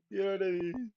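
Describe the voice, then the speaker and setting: Streaming a game, a man offers casual live commentary that's laid-back and profane, and he sighs often. His voice is high and creaky, picked up by a dull lo-fi stream mic.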